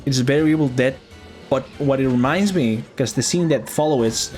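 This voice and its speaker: A man's voice: medium pitch, moderate pace, darkish tone, faint music behind. A man chatting loosely while playing a game, swearing freely, stumbling over words and laughing often. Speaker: gaming vlogger reviewing a movie. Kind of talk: casual rambling commentary while gaming.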